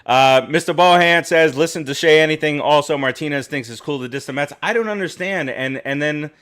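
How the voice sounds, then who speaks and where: A man co-hosting a casual sports podcast, rambling and halting with many fillers and restarts. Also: on the high side, fairly bright tone, clean tone. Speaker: podcast co-host.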